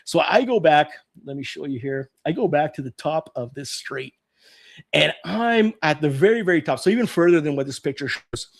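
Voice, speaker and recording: Animated middle-aged man telling childhood stories. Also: on the high side, moderate pace, creaky. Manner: animated, acts out his own and others' lines. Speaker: host of a live nostalgia stream. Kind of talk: casual storytelling.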